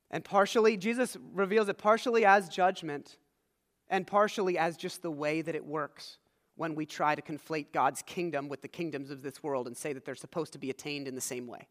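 In a church sanctuary, a pastor delivers a sermon in a voice pitched high for a man, at a normal speed and with a steady tone. He alternates between loud, emphatic points and soft, low asides, and each phrase trails off in the big hall's long reverb.

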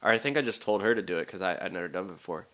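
A man's voice: low-pitched, lively intonation, rapid-fire, fairly bright tone. A young man in his twenties hosting a casual solo podcast, rambling and self-deprecating with lots of fillers. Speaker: podcast host.

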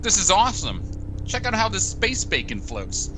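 A male podcast co-host with a somewhat high voice that leaps around. He plays everything big and goofy, as if every moment is a melodrama. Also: wildly swooping pitch, normal speed, over music. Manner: goofy, over-the-top dramatic. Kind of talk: comedy skit banter.

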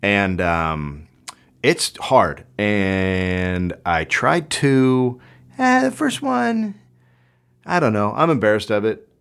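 A man's voice: lowish voice, very animated, slow, gravelly, fairly bright tone, clear, resonant tone. A man hosting a podcast alone, riffing in a profane, sarcastic, rambling comedic monologue into a microphone at home. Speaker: podcast host. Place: home closet studio. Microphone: studio microphone.

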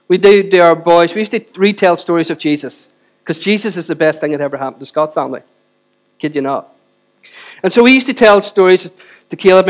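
A middle-aged man preaching a sermon and leading prayer, animated, with joking asides and rising emphasis. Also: high voice. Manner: animated, self-deprecating asides, builds to forceful emphasis. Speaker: pastor.

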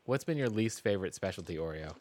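A man's voice: low-pitched, expressive, fast talker, a little mellow, slight background noise. A man co-hosting a podcast in casual chat, teasing, playful and opinionated. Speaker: podcast co-host.

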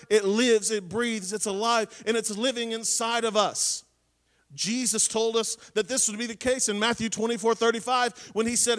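A high-voiced man preaches with emphatic conviction, repeating phrases for force. He swings between loud proclamation and hushed intensity. His voice rings out in a hall with a long echo. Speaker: pastor. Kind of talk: sermon.

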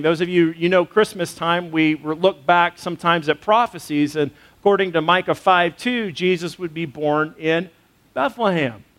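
Here a man who is a pastor preaches in a chatty style, asking rhetorical questions and using relaxed fillers. His voice is high with a fairly bright tone.

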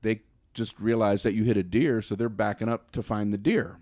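A man's voice: on the low side, steady tone, darkish tone, no echo, studio quality. A man casually telling a funny anecdote, stumbling over words and laughing as he goes. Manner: halting, repeats words, laughs through the story. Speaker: storyteller.

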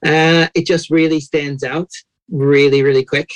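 A man's voice: a little high, level tone, measured pace, poor audio. Modest man, Southern with light Irish lilt. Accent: Southern American, light Irish. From Alabama, USA. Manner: modest, easygoing. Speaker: guest, church worker. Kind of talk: casual interview chat.

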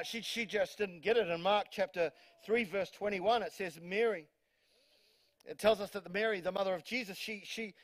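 A man preaching to his congregation in a loose, humorous way, often restarting his sentences. His voice sits high for a man. The recording is dry and close, with almost no room sound. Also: fairly bright tone, dry recording. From New Zealand. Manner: conversational and humorous, with frequent restarts. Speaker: pastor. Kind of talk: sermon. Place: church congregation.

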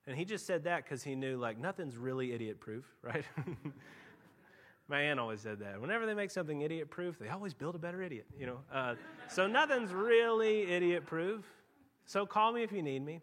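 A pastor delivers a lively sermon, his voice pitched high and swooping all over the place. He tells stories casually, then builds to loud, emphatic peaks before dropping to quiet asides. His tone is bright and forceful. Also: fairly quick. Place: church.

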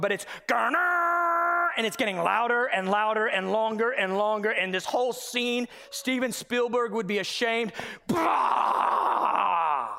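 A male pastor with a high-pitched voice delivers a lively sermon, acting out the figures of the story and shouting in places. His voice rings through a church hall with a long reverb tail. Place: church sanctuary.

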